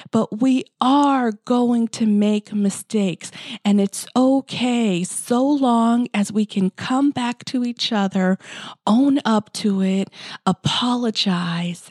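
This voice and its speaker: A woman hosting a personal faith podcast, sharing a story in a soft, heartfelt way, often dropping close to a whisper. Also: mid-range voice, no room sound. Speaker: podcast host.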